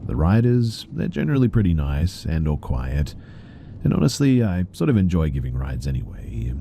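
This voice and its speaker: A man narrating a first-person horror story in a calm, measured reading. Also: a bass voice, creaky, slight background noise.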